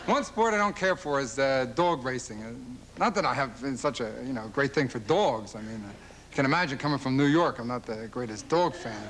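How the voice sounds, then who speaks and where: A man's voice: lively intonation, heavy background noise. A male stand-up comedian, firing off observational jokes on a late-night talk show and mimicking fans in silly voices. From Philadelphia. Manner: rapid-fire observational jokes, mimics fans and dog owners in high voices. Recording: old television broadcast with loud audience laughter. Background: studio audience laughing.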